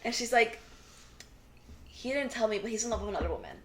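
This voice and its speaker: Her voice is on the high side and quick, with a little hiss or hum in the audio. A young woman co-hosting a podcast, she recounts a TV episode in casual chat, performing the characters' quotes with many "like" fillers.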